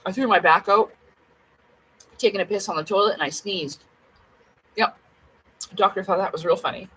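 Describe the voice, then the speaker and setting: A woman's voice: mid-range voice, normal speed, pushed and bright, low-quality recording. A woman talks casually to her camera from home. She is blunt and rambling, and swears freely as she goes. There is a faint hum of ambient noise behind her. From Canada. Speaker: vlogger.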